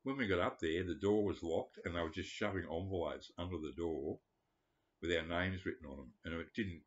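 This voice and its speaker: A man's voice: sits low, fairly quick. A man, telling rambling personal stories full of swearing and fillers. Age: 70s. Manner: profane, meandering, frequent fillers. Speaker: vlogger. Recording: dull lo-fi recording.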